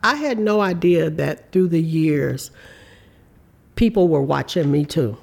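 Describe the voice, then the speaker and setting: A woman in her fifties speaks as a guest in a candid interview. Her voice carries a gravelly, creaky texture. She tells her story earnestly, acting out what others said to her. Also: sits low, expressive, a little slow. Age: 50s. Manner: warm, earnest storytelling with reported speech.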